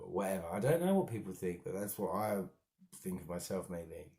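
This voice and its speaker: Male vlogger, low voice, halting and musing, casual monologue. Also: dark tone. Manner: rambling and halting, with frequent restarts. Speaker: daily vlogger. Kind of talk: casual self-reflective monologue.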